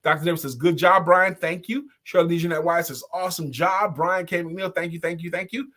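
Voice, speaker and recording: A middle-aged man hosting a live stream, playfully giving viewers shout-outs with short improvised sung and rapped jingles and frequent laughter. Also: fairly high pitch, fairly even intonation, fairly quick. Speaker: host.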